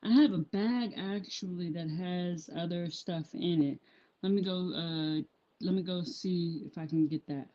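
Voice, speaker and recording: A woman's voice: on the low side, measured pace, mellow. A woman chatting casually on a live stream about her handmade apparel business, rambling with lots of ums and restarts. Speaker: small business owner vlogging. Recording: dull lo-fi sound.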